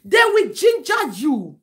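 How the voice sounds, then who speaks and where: A woman's voice: extremely high pitch, slight background noise. A Nigerian woman hosting a live-stream gossip commentary, lecturing and scolding in a chatty way, laughing between her points.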